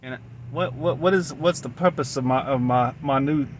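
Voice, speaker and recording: A loopy, sleep-deprived man rambles to his camera in a put-on Southern drawl. He talks in a mid-range voice, stumbling and restarting. Faint traffic hums behind him in an outdoor lot. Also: mid-range voice. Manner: halting, repetitive, full of restarts. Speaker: vlogger.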